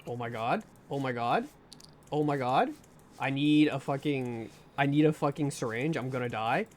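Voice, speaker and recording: A live streamer with a medium-pitched voice gives gameplay commentary to viewers at a moderate pace. Nervous, they narrate every move, swearing and pleading again and again between anxious laughs.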